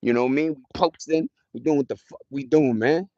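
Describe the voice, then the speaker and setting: A man's voice: mid-range voice, brisk, dark tone, no echo, highs cut off. Slangy New man streaming outdoors. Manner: slangy, loose, chatty with repeated asides. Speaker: livestream host. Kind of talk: casual livestream chat with viewers. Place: outdoors in a park.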